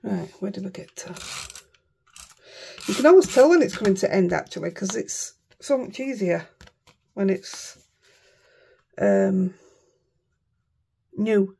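A woman with a Yorkshire accent crafts cards and chats casually, mocking herself and muttering quietly at times. Her mid-range voice is expressive and warm, with vocal fry and a breathy edge, and she speaks slowly with many pauses.

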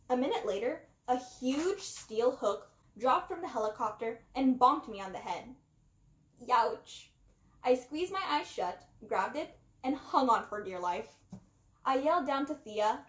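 High, lively woman reading a storybook. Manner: animated, acts out the first-person narrator. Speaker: storybook reader. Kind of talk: expressive storybook read-aloud. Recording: roomy echo.

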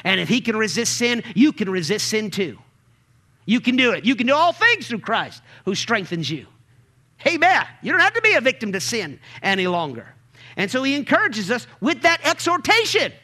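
A man preaching a sermon as pastor, calling out to the congregation and building to emphatic shouts. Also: very high-pitched, very animated, moderate pace. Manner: call-and-response preaching, swells to emphatic shouts.

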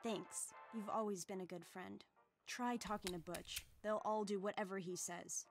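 A woman's voice: mid-range voice, fairly even intonation, moderate pace, soft background music, lightly acted. An actress playing a fed-up teenage girl in a video game, complaining about bullies. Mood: grateful. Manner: exasperated, complaining.

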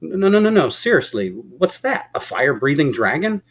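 A man's voice: mid-range voice, very animated, normal speed, husky. A man voicing a startled young woman in an audiobook, with a raised, questioning voice. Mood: alarmed. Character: startled young woman waking in a strange future.

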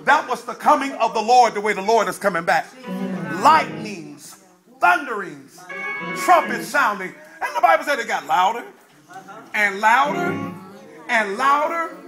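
A man preaching a sermon in a fiery call-and-response style, shouting at times and dropping low at others. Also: big pitch swings, moderate pace, music in the background.

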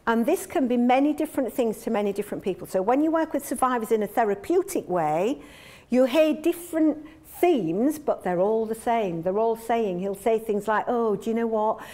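A woman's voice: on the high side, expressive, normal speed, mellow. A woman, a domestic abuse trainer speaking earnestly to an audience and explaining patterns with examples. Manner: earnest, explanatory, acts out quoted dialogue.

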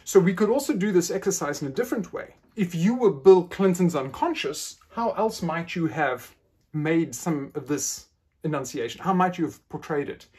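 A man's voice: fairly high pitch, lively intonation, moderate pace, a little mellow, husky. A man lecturing in an academic style, playfully acting out quoted phrasings with questioning tones.

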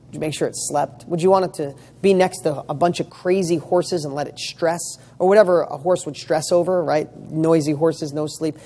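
A middle-aged motivational speaker gives a blunt talk, emphatic and laced with mild swearing. He fires off rhetorical questions in rapid succession, his voice on the high side and mellow.

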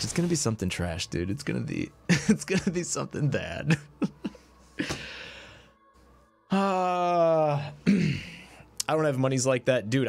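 A man streaming a mobile game, commentating his card pulls, swinging between excited hype and deflated mumbling. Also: mid-range voice, a little hiss or hum.

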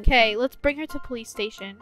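A woman co-hosting a playful video game commentary, excitable and often shouting as she plays. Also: on the high side, fairly quick, faint music behind. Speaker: gaming channel co-host. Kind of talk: excited Let's Play commentary.

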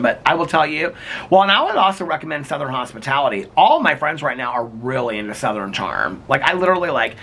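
Bright-voiced chatty male vlogger. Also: mid-range voice, a little hiss or hum. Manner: chatty, rambling, heavy use of "like". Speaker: vlogger reading viewer comments. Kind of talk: casual chat.

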